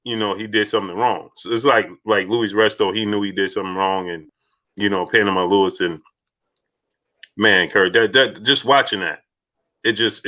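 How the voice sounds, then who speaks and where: A man hosting a casual live-stream chat, asking rhetorical questions and shouting out viewers by name. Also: medium pitch. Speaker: host.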